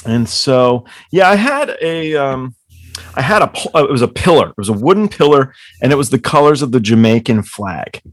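A man's voice: medium pitch, lively intonation, moderate pace, dry recording, clean studio sound. A man telling rambling, profane stories as the author guest on a casual book club chat. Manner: rambling, profane, laughing storyteller.

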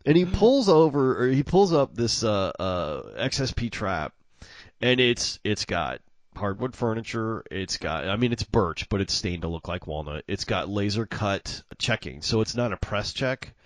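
A man with a lowish voice tells a casual story, and his pitch swings widely as he acts out the dialogue. He sounds animated and self-amused. The recording is dry and close. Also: unhurried, no room sound. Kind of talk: casual anecdote telling.

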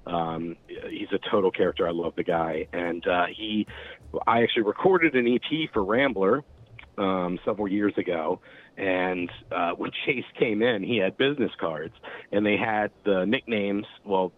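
A man's voice: sits low, moderate pace. A man talking casually as a musician guest, rambling with lots of fillers. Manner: rambling, many fillers and restarts. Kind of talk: casual interview chat. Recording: tinny phone-like line, faint hiss.

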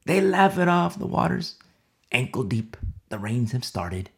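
A man's voice: mid-range voice, very animated, measured pace, creaky. A man preaching a sermon in an emphatic, storytelling way, often repeating himself for emphasis.

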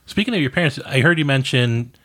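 Man, co-host, friendly questioner, mid pitch, casual chat. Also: animated, quick pace, a bit bright.

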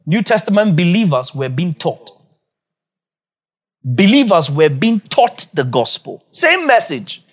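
A male preacher with a somewhat high voice teaches from Scripture in a sermon style. He quizzes his listeners with rapid questions and repeats key phrases. His delivery swings from hushed low asides to loud, high bursts of emphasis. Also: sing-song.

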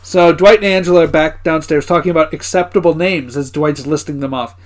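A man's voice: fairly high pitch, a little fast. Laughing man recapping a show. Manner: recounts scenes, laughing and swearing often. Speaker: podcast co-host. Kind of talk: casual recap chat.

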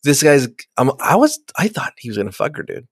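A man's voice: mid-range voice, sing-song, a little fast, breathy edge, dry recording. Man chatting casually, dry sound. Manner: loose and profane, acting out scenes in goofy voices. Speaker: podcast co-host. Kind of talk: casual chat recapping a TV episode.

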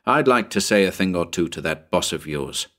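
Man reading as a blunt young driver, low voice, storybook role. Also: animated, moderate pace, sharp tone.

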